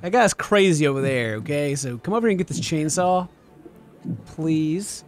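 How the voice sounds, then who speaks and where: A gaming YouTuber with a high, lively voice gives excitable, jokey commentary. His talk breaks into sudden loud outbursts, and game music plays clearly behind him. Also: normal speed. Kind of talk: let's play commentary.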